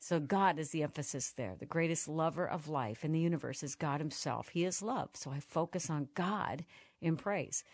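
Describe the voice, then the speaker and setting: Earnest low-voiced woman host. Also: moderate pace, no room sound. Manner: earnest, enthusiastic reading and praise. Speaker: radio host. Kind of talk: interviewing an author.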